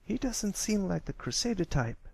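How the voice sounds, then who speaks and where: A bold young pegasus filly, voiced by a man reading a fan story aloud, blunt and skeptical in her words. The voice sits well above a man's usual range, with a gravelly edge and a soft level. The homemade recording is dry and close. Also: high voice, very animated, moderate pace, no echo, pitched above the performer's own voice, heavily acted. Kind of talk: fanfiction audiobook reading. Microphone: home recording, close mic.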